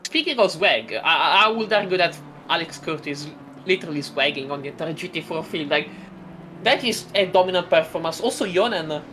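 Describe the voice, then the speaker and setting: A playful woman calling a sim race live, her voice leaping up and down with lively swings. She giggles between calls and jumps into sudden bursts of excitement, with a faint hiss under the mic. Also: lowish voice, fairly quick, low-quality recording. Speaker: sim racing commentator. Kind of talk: casual live race commentary.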